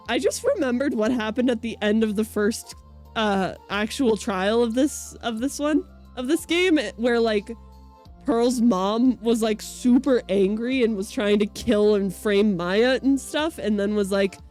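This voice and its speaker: A woman's voice: a little high, expressive, measured pace, a little mellow. Chatty young woman streamer. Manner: chatty, playful, swears freely. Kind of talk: casual game playthrough, reading dialogue aloud. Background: faint game music.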